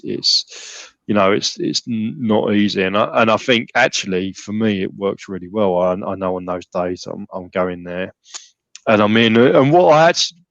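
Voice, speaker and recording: A man's voice: on the low side, creaky, a bit bright, no room sound, highs cut off. A man talking casually as a podcast guest, rambling with many restarts and fillers. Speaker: gym member guest.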